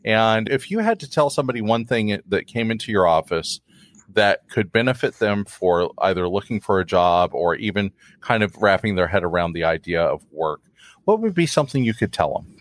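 A man's voice: fairly low pitch, lively intonation, normal speed, no echo. A man hosting an interview podcast, an addiction counselor talking in an earnest, conversational way. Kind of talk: casual interview.

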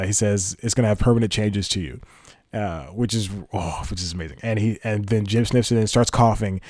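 Podcast dude rambling, keeps correcting himself, kinda low voice, dry mic. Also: male voice, a little mellow, no room sound. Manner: rambling, self-correcting, laughs at own slips. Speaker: podcast host. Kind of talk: casual solo podcast talk.

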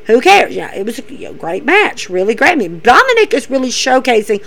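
Woman host with a raised-pitch voice, doing animated casual play-by-play recaps. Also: a little fast, vocal fry, rough recording. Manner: chatty, repeats herself, animated play-by-play. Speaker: podcast host.

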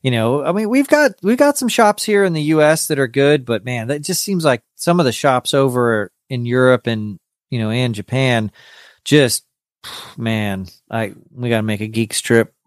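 Halting male podcast host, smooth dry voice. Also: medium pitch, expressive, no room sound. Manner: halting, with many stammered restarts. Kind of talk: casual podcast chat.

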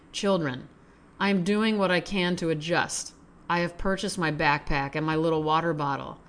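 A woman hosting a podcast, reading essays aloud and chatting casually, swearing freely, worn out yet fired up. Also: lowish voice. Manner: profane, excitable, self-mocking. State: exhausted, recovering from surgery.

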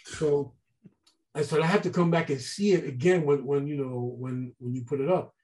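Man guest, slightly high and warm, animated storyteller who acts out quotes. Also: moderate pace, poor audio. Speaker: guest artist. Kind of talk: casual storytelling.

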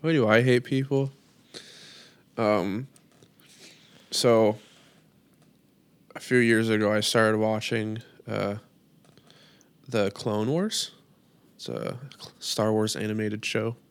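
A man's voice: on the low side, fairly even intonation, takes it slowly, pauses often, smooth, no echo. A man co-hosting a podcast, chatting casually and rambling with lots of "like" fillers. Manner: rambling, heavy use of "like". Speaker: podcast co-host. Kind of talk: casual chat.

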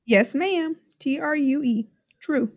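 A young woman from Texas co-hosting a podcast in casual chat, joking and quick to laugh. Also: sits high. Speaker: podcast co-host.

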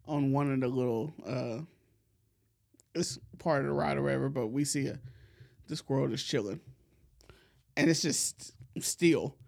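A man with a somewhat high voice chats loosely on a podcast. He spins a rambling, profane story, laughing along the way. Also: vocal fry, a little mellow. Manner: laid-back, profane, laughs often while telling stories. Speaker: podcast host. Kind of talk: casual storytelling chat.

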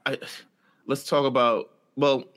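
A man's voice: medium pitch, level tone, measured pace, a bit bright. A young man co-hosting a podcast, teasing and bantering in casual chat. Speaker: podcast co-host.

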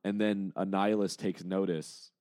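Animated, low-voiced man recapping a comic. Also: normal speed, no room sound, clean studio sound. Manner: animated storyteller who acts out characters. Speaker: podcast co-host. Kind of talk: casual comic book recap chat.

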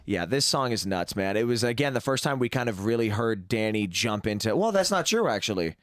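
A man's voice: lowish voice, very animated, fairly quick, a bit bright, no room sound, clean studio sound. A young man hosting a casual music podcast, rambling with lots of fillers and frequent swearing. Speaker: podcast host. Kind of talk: casual chat about music.

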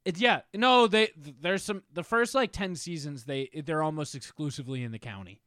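Bright-voiced young man, rowdy banter. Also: fairly high pitch, lively intonation, normal speed, no room sound, studio quality. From southern New Hampshire. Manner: rowdy, joking, swears a lot. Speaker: podcast co-host. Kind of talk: casual chat.

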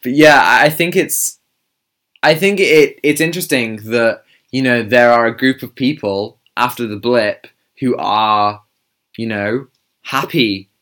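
Podcast dude talking it through, mid-pitched, lots of you know. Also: male voice, unhurried, a bit bright. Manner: thoughtful, explains at length with fillers. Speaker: podcast co-host. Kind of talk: casual chat.

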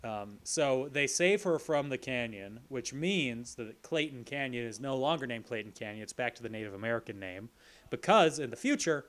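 Male co-host, relaxed conversational recap, wry humor. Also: mid-range voice, moderate pace. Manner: joking, recaps plot with playful asides. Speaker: podcast co-host. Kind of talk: casual movie recap chat.

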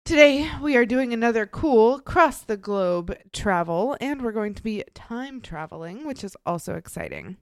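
A woman's voice: fairly high pitch, animated, moderate pace, few pauses, smooth, no echo. A woman co-hosting a true crime podcast, talking in a casual, upbeat, chatty way with lots of fillers. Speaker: podcast co-host presenting the case.

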